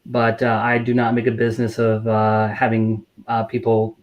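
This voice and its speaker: A middle-aged man with an even, monotone voice speaks as a guest on a talk show. He explains himself in a measured way, pausing often with ums and uhs and restarting his sentences. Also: lowish voice, muffled recording. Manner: measured, many fillers and restarts. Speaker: mental health counselor. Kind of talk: interview guest.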